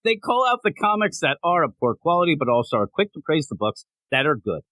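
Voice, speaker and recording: Male podcast co-host, a bit high-voiced with a very bouncy delivery, playful and rambling, dry close sound. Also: big pitch swings, fairly quick, a bit bright, no echo. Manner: playful, joking, self-mocking; hyped and rambling. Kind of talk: casual podcast chat.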